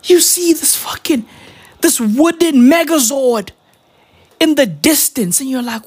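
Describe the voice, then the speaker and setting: A woman's voice: sits high, animated, unhurried, a little mellow. A young woman from Africa, delivering a profane comedic rant that keeps tossing in "right?". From South Africa.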